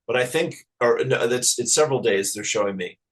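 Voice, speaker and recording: Halting man, spiritual guest. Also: medium pitch, low-quality recording. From Ireland. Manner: halting, many restarts, earnest and affectionate. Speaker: spiritual teacher and channel, guest. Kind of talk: casual spiritual interview chat.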